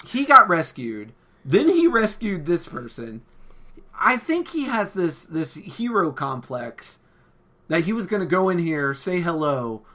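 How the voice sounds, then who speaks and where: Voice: mid-range voice, sing-song, measured pace, pushed and bright. A podcast co-host chatting casually and enthusiastically, swearing freely while retelling film scenes. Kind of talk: casual chat.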